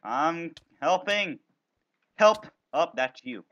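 Hyper guy yelling through a game, voice jumps all over, bright and punchy, goofy trash talk. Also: mid-range voice, moderate pace, no room sound, lo-fi sound. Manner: excitable, yelps and exclaims often; silly, playful banter at other players. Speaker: gaming video host. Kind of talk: playing and commentating a video game.

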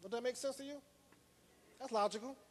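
A man's voice: extremely high pitch, a little fast, long reverb tail. A man giving a motivational lecture to an audience, telling a personal story with dramatic repetition. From United States. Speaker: motivational speaker.

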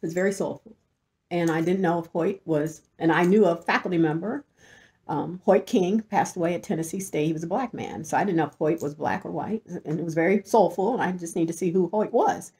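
A middle-aged woman hosting a show, telling a story in an animated way and often breaking into laughter. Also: on the low side, a little fast. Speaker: host. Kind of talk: storytelling monologue.

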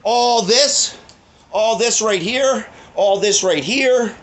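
A shaken, angry man with a high-pitched voice speaks slowly, swearing a lot as he recounts a dog attack in an outdoor parking lot. He films himself on his phone, giving an agitated first-person retelling.

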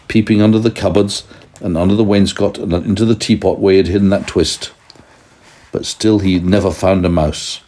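A man reading a storybook aloud to his young child at home, gently pausing to ask questions. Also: lowish voice. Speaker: parent telling a story to a toddler.

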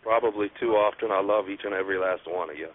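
A man, a church elder, calling in to a radio show, earnest and halting with many pauses. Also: lowish voice. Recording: phone line with faint noise.

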